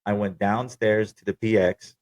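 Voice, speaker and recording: Young man, low voice, dry close sound, casual swearing storyteller. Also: steady tone, normal speed, darkish tone, dry recording. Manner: profane, candid, wry. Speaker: podcast host telling his own story.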